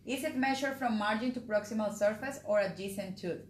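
A woman, a dentist, co-hosts a live teaching session and reads viewers' questions aloud. She jumps in quickly between points. Her voice carries room echo with faint noise behind it. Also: mid-range voice. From Colombia. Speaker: dentist and course co-host. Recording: echoey room.

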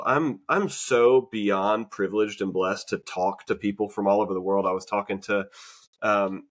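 His voice sits on the low side with a fairly bright tone. As a podcast co-host in casual conversation, he speaks reflectively, using many fillers and restarting often.

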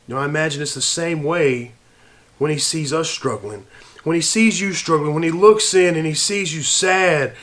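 A man preaching an evening sermon and reading scripture, earnest, moving between hushed and raised passages. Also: on the high side.

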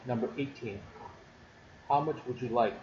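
A male English teacher reading travel phrases aloud and repeating each one slowly. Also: medium pitch. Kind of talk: slow phrase-by-phrase English lesson. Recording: roomy, dull, noisy home recording.

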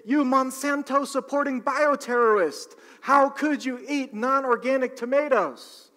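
A man playing indignant yelling shoppers. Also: very high-pitched, a little slow, voice pushed up, full character voice. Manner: shouting, accusing. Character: angry shouting shoppers, scolding and indignant. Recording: long reverb of a large hall.

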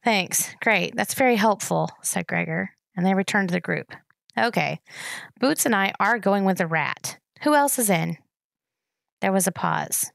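Woman reading a novel aloud, gravelly. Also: mid-range voice, expressive, a little slow, dry recording. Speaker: reader.

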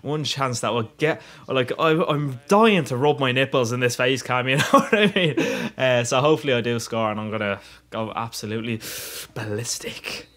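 At normal speed and medium pitch, a young gaming YouTuber delivers gameplay commentary on a football game. Expect rambling asides, frequent laughs and a lot of swearing in his excitable style.

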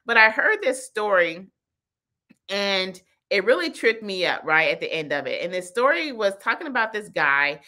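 A woman business coach talking on a live stream, telling stories in an animated, chatty way. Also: mid-range voice, normal speed. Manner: animated, chatty, heavy use of "like".

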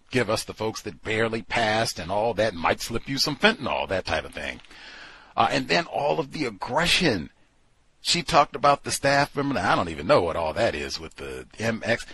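A man's voice: on the low side, breathy edge, dry recording. A man hosting a talk show, giving casual, sardonic commentary full of asides. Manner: animated, sardonic, conversational with fillers. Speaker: radio show host.

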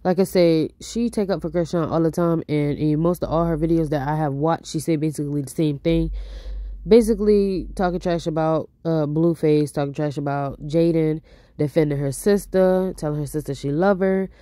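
Woman host, low voice, mellow tone, dry sound, casual chat to viewers. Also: normal speed, no room sound. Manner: chatty, talks straight to viewers.

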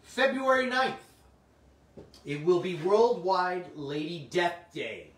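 A middle-aged man, slightly hoarse, hosting a comic shop livestream in casual, chatty talk and answering viewers' comments. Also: high voice, very animated, slow pace, a bit bright. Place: indoor room. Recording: roomy, distant mic, faint noise.

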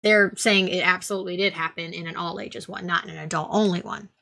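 A woman's voice: lowish voice, fairly even intonation, fast talker, creaky, noisy background. A young woman co-hosting a casual podcast, reading news stories aloud with profane, teasing asides. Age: young adult. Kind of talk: casual chat.

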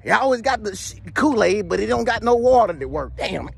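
A man giving a casual motivational talk, animated and slangy, joking as he tells stories. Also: sits high, brisk, gravelly, hardly any pauses, slight background noise. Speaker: motivational vlogger.

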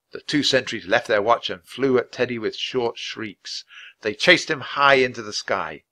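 A man reading a children's chapter book aloud in a clear, measured, expressive way. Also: medium pitch. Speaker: storybook reader.

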